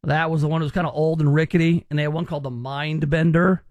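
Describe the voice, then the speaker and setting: A man's voice: fairly high pitch, steady tone, fast talker, no room sound, muffled recording. A man in his thirties hosting a radio talk show, chatty and wry with rambling asides. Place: radio studio.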